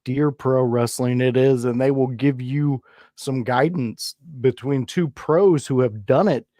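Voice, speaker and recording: Mellow, laid-back man on a stream. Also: medium pitch, measured pace, no room sound, clean studio sound. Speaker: livestream co-host. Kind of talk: casual livestream chat.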